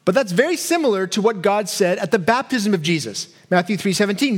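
Male pastor, light high voice, earnest sermon delivery, soft low drops on key points. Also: animated, fairly quick, hardly any pauses. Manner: earnest, voices imagined questions to God with rising animation.

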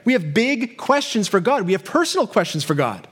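A pastor with a high, light voice preaches earnestly, becoming animated as he acts out imagined questions to God. For his key points he drops quiet and low, and he speaks fairly quickly with few pauses.

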